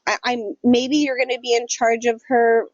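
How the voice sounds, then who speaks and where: A woman's voice: a little high, flat delivery, moderate pace, no room sound, lo-fi sound. A woman co-hosting a podcast in casual chat, a supportive listener who reacts with short interjections. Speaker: podcast co-host.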